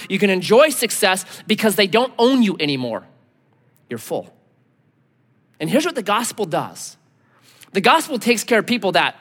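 Animated high-voiced male preacher. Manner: animated, rhetorical questions, sudden hushed asides. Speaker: pastor. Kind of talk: sermon. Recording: reverberant hall.

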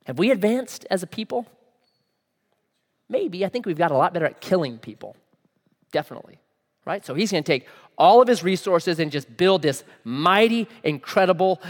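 Heard in a large hall, a fairly high-pitched male pastor keeps his sermon conversational. Questions directed at his listeners come up often.

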